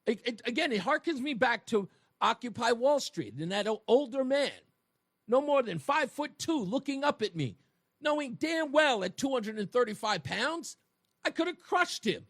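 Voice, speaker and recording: A male talk radio host speaks into a studio mic in a high, slightly bright voice with wide, expressive pitch swings at a normal pace. He hammers his points emphatically, speaks directly to listeners, and keeps throwing out rhetorical questions, and the recording is close and dry.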